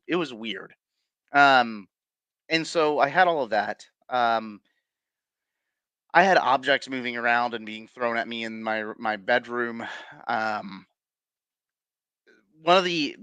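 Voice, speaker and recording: A man with a bright, forceful mid-range voice appears on an interview show as a guest paranormal investigator, rambling through casual stories. He piles on ums and restarts and chuckles while telling them. The recording is dry and close, with no room sound.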